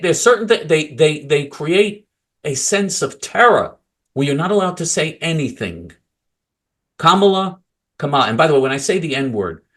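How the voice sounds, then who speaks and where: A male political commentator ranting angrily and mockingly, swinging from loud outbursts to low mutters.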